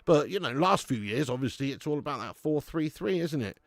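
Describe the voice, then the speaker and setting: Chatty laughing man, lively pitch. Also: fairly quick, no echo. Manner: chatty and laughing, swears freely, calls viewers mate. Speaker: football watch-along host. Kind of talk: live casual chat reading viewer comments.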